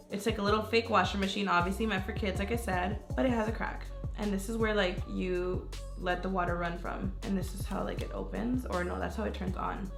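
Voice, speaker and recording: A young woman chatting excitedly in a casual beauty vlog, gasping and swearing casually. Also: medium pitch. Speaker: beauty YouTuber. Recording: echoey room, faint music behind.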